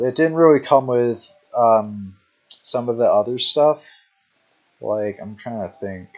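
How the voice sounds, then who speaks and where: A man's voice: medium pitch, a little mellow, dull audio. A man in casual rambling commentary, talking sleepily with lots of "you know" fillers. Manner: unhurried, drawn-out delivery. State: sleepy, yawning. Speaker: deck showcase narrator.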